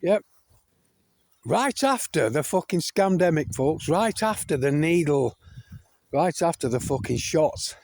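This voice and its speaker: A man's voice: fairly high pitch, animated, unhurried, darkish tone, no room sound. An older man delivering an emphatic, profanity-heavy rant to his viewers, repeating himself and calling them folks. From United Kingdom. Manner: heavy swearing, keeps addressing listeners as folks; repetitive, emphatic, restarts. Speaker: video blogger. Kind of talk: ranting monologue to camera.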